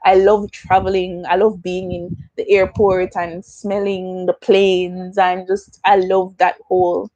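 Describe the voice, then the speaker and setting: A young adult woman with a Jamaican accent hosts a livestream Q&A as a YouTuber, chatting casually, slipping into patois and answering viewer comments. Her lowish, mellow voice has a flat, slightly slow delivery with few pauses. The recording is dry, with the highs cut off.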